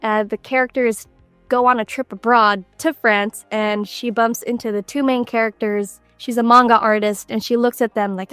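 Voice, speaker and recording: A young adult woman speaks as an interview guest, her voice sitting fairly high. She tells stories with animation and lots of laughter, recorded dry with faint music in the background. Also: normal speed, clean tone, no room sound. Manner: animated storytelling with frequent laughs. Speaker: voice actress guest. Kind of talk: casual interview chat.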